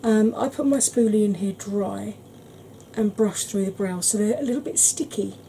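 A woman talks softly and gently through an ASMR makeup tutorial, calling her viewers "darling" as she works. Her voice has a mellow, relaxed tone at a middle pitch. A faint hiss sits under the recording. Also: normal speed. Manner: chatty, gentle, dotted with "darling". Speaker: beauty vlogger.

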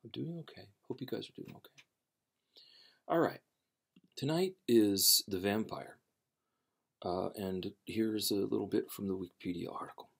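A man hosting a storytelling channel, chatting casually before a reading, rambling and halting with many fillers and restarts. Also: fairly low pitch, gravelly, breathy edge.

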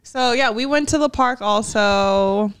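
A woman's voice: on the high side, a little slow, clean tone, dry recording. A woman co-hosting a podcast, telling a story casually and animatedly, acting out what people said and often laughing. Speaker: podcast co-host. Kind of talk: casual chat.

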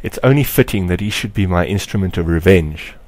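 A man's voice: low-pitched, expressive, brisk, a little mellow, dry recording. A man reading aloud, voicing an angry, bitter schoolboy necromancer who raises his voice in indignation. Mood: indignant. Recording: dry close recording.

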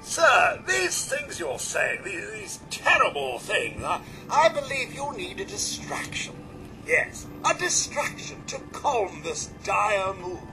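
Robot butler, male, prim and formal, high voice, very lively pitch, game music behind. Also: slow, vocal fry, exaggerated voice, poor audio. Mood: fretful. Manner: formal, fretful, fussing over his master.

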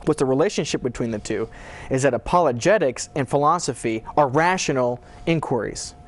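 A man's voice: mid-range voice, lively intonation, brisk. Earnest man explaining like a lecturer. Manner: earnest, lecturing, with frequent fillers. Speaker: philosophy professor, guest. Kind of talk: explanatory interview answers.

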